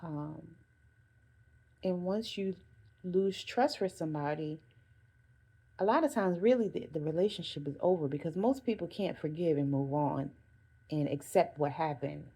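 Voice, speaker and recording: A woman vlogger with a low, husky voice and a dark tone talks at a moderate pace, pausing often. Speaking directly to her audience in a casual motivational piece to camera, she gives sincere self-care advice and repeats phrases to stress them.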